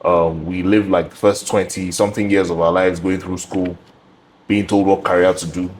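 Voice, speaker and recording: Deep-voiced young man musing aloud. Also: little pitch movement, a little mellow, low-quality recording. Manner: reflective, measured, with frequent ums and restarts. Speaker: podcast host. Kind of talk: casual interview chat. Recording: faint background noise.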